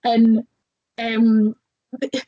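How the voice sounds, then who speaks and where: Chatty higher-pitched young woman storyteller. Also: flat delivery, drawn-out words, mellow, lo-fi sound. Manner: chatty, lots of fillers, acts out voices. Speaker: wrestler, interview guest. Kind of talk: casual interview storytelling.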